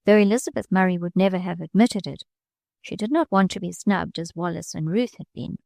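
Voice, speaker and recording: A woman narrating a classic novel as an audiobook, reading in a measured way and lifting her voice slightly for the characters' lines. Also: gravelly, warm tone, no room sound, clean studio sound. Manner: measured reading, small lifts of pitch for quoted characters.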